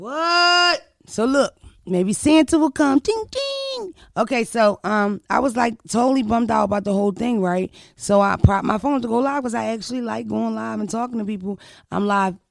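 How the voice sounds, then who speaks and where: A young woman tells her story on her podcast. She is brash and profane and keeps the talk animated. Her voice has a gravelly fry, and the recording is dry and close. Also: fairly high pitch, moderate pace, no room sound. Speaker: podcast host. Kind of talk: casual storytelling chat.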